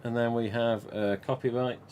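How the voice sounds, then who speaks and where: A man's voice: medium pitch, fairly even intonation, normal speed, a little mellow, slight background noise. A man hosting a live stream, talking casually in a chatty, rambling way with frequent chuckles. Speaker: live stream host and collector.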